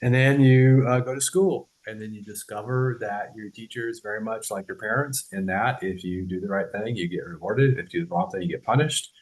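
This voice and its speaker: A man's voice: on the low side, brisk, few pauses, poor audio. A man in casual explanatory podcast talk, loose and conversational, swearing, laughing and often checking in with "right?". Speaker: podcast host.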